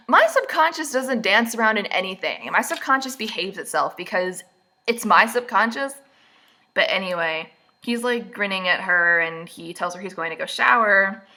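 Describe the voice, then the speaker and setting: A woman's voice: mid-range voice, pushed and bright. A woman recapping a book in a casual, rambling way, full of snarky, mocking asides. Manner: casual and rambling, with many fillers. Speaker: vlogger.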